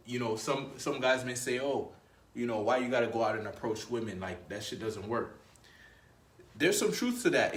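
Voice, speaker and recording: In a roomy-sounding space, a man with a mid-range voice talks to camera as a dating coach. His motivational talk is casual, emphatic, and slangy, and he often repeats and restarts phrases.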